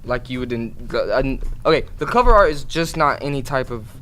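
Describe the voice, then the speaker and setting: A man's voice: medium pitch, animated, a bit bright. Rambling young man with faint noise. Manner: rambling, halting, emphatic. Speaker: co-host. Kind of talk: casual chat.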